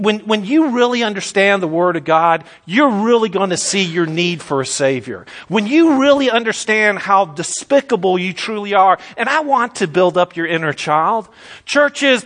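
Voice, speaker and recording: A man's voice: high voice, fairly bright tone. A man preaching a sermon, fiery and emphatic, stretching out his stressed words.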